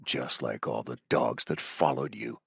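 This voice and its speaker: A man voicing a cruel, scarred male warlord who speaks in a low, menacing, contemptuous way. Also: sing-song, measured pace, vocal fry, a bit bright, breathy edge, no room sound, studio quality, full character voice.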